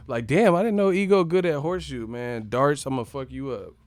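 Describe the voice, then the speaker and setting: A young man from the United States, hosting a casual live stream and joking loudly with lots of profanity. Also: mid-range voice, moderate pace, no echo. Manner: loud, profane, joking, laughs a lot.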